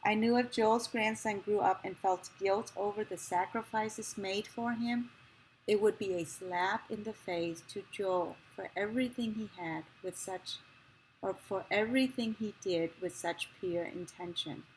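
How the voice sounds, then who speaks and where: A woman reads a memoir passage aloud in an unhurried, measured voice. Her pitch sits in a middle register, and her delivery stays gentle and steady. Faint noise runs underneath. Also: rough recording. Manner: slow, measured, gentle reading. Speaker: host reading aloud.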